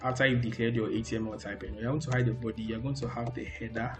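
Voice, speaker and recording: A man's voice: mid-range voice, steady tone, fast, over music. A man teaching a coding tutorial over a screen recording, talking loosely and repeating "okay, so" between steps. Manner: loose, repetitive, frequent "okay, so". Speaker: coding instructor. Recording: roomy echo.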